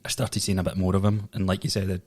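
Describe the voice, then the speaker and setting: A man's voice: low-pitched, little pitch movement, fast talker, a little mellow. A man in his late twenties with a Scottish accent, chatting on a podcast, telling stories with frequent swearing and laughter. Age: late 20s. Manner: storytelling, laughs often, swears freely. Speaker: podcast guest. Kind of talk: casual podcast chat.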